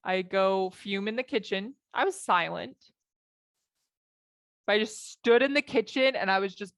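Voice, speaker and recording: A woman life coach telling a personal story to her audience in a lively, conversational way, acting out her own thoughts. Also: medium pitch, moderate pace, no echo, clean studio sound. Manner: animated, acts out her own thoughts in quotes.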